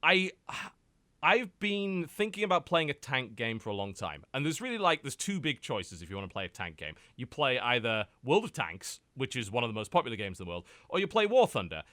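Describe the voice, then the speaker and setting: A British man hosts a podcast chat, his pitch leaping up and down as he jokes and mimics. The sound is dry and close to the mic, with no room around him. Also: no room sound. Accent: British English. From United Kingdom. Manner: animated, joking, quick to mimic and exaggerate. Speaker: podcast host. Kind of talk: casual chat.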